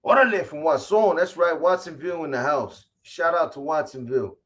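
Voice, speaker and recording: Guy on a livestream reading off chat names, kinda high voice, laid back slang. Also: a little fast. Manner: rattles off viewer shout-outs, slangy, calls people boy. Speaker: livestream host.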